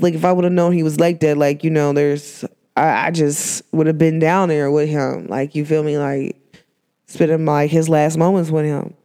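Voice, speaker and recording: A woman's voice: fairly low pitch, darkish tone. A woman in her thirties hosting a casual spiritual talk, slangy, rambling and candid. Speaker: podcast host.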